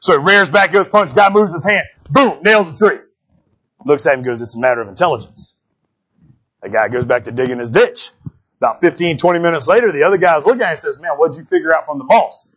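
A man's voice: on the high side, fast talker, a bit bright, breathy edge. Folksy man preaching a sermon. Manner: folksy, tells jokes, calls out to the congregation. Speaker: pastor. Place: church sanctuary. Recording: dull, muffled sound.

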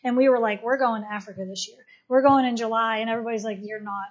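A woman's voice: a little high, fairly even intonation, quick pace. A woman, a missionary and doula, tells her story to a gathered audience in a chatty, eager way full of fillers. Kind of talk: personal testimony to a gathering. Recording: dull lo-fi recording.

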